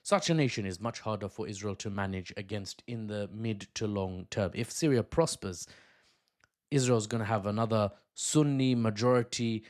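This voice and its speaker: A young man giving casual political commentary, talking fast and wandering into joking asides. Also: on the low side, darkish tone. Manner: quick, digressive, joking asides. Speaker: news commentator.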